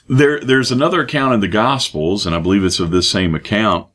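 Deep-voiced male preacher, halting delivery. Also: lively intonation, fairly bright tone. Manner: halting, many fillers and restarts, acts out quoted voices. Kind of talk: sermon.

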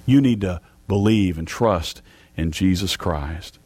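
A man preaching a sermon to a church congregation, fervent, with big swings in pitch and loudness. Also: takes it slowly, dry recording. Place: church service.

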